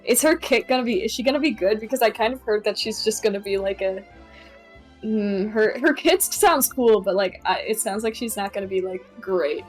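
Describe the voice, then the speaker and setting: A woman's voice: mid-range voice, moderate pace, faint music behind. A young woman chatting as a guest about a game in an easygoing way, often trailing off and using lots of fillers. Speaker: guest YouTuber. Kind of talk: casual chat.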